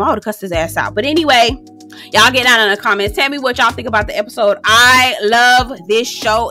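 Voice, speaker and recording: A woman, sassy and animated, recapping a reality show in a casual vlog, swearing freely. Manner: sassy, animated, swears freely, slips into high-pitched impressions.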